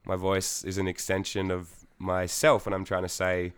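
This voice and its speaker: Rambling Australian man, low smooth voice. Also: completely flat delivery, normal speed. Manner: rambling, swears, laughs often, many fillers. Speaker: singer in a band. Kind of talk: casual interview chat.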